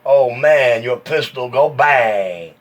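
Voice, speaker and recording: A man's voice: mid-range voice, slow pace, heavy background noise. A man on CB radio, bantering in a boastful, teasing way. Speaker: CB radio operator. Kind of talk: CB radio chatter.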